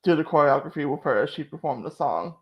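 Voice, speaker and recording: A woman's voice: deep voice, animated, fast, lo-fi sound. A woman hosting a channel, chatting casually and emotionally, full of "like" fillers. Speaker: channel host. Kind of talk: casual chat recap.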